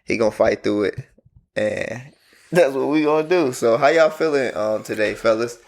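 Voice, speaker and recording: A man's voice: mid-range voice, normal speed, creaky. A man co-hosting a casual podcast chat, who laughs hard and easily. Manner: laughs hard, breaks into tearful giggles. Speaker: podcast co-host.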